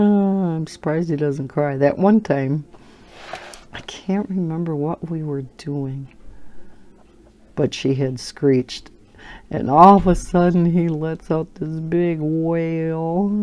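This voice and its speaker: A low, mellow older woman chats at an unhurried pace as she colors. She rambles through everyday stories and laughs often, with a baby in her arms. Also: fairly even intonation, highs cut off. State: holding a baby while talking. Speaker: coloring channel host. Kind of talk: casual chat while coloring.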